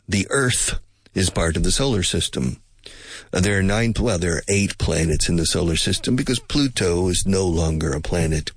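A man's voice: low-pitched, slightly rough, no room sound. A man teaching English in a casual spoken lesson, musing and speculating aloud and drilling pronunciation by repetition.

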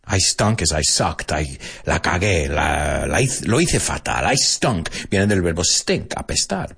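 Guy teaching english, husky lowish voice, pitch all over the place, chatty and casual. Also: a little slow. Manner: switches between English and Spanish, animated and chatty. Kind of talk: casual English lesson explaining a film scene.

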